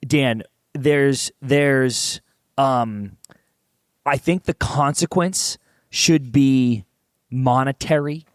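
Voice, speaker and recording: A man's voice: mid-range voice, extremely slow, long pauses, clean tone, no echo, studio quality. Young man spinning absurd hypotheticals. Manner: spins absurd hypotheticals, laughs often. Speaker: podcast co-host. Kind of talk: casual comedic podcast banter.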